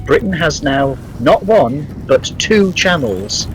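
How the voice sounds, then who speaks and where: A man's voice: a little high, very animated, slow pace, rough recording. A man co-hosting a game stream, teasing and joking, laughing easily. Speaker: stream co-host. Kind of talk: casual banter on a game stream. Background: game music.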